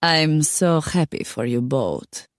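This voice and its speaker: A woman voicing a calm older woman with a foreign accent who speaks in a soothing, measured way. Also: low-pitched, dry recording, clean studio sound.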